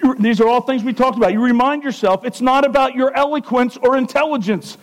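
A man with a very high-pitched voice preaches to his church. He fires questions at the congregation and pushes them to answer, keeping the sermon lively and interactive. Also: brisk, poor audio. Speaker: pastor.

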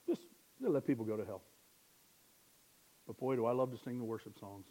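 A male pastor delivering a sermon in a relaxed, conversational manner. He leans on rhetorical questions and dry, self-deprecating humor, speaking in an ordinary middle pitch. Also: a little fast.

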